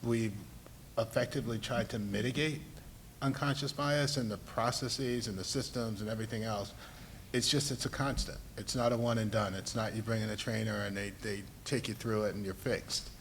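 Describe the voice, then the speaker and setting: A man's voice: on the low side, steady tone, normal speed, fairly bright tone, a little hiss or hum. A man speaking as a panelist, answering an audience question earnestly and thinking aloud with small restarts. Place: municipal building meeting room.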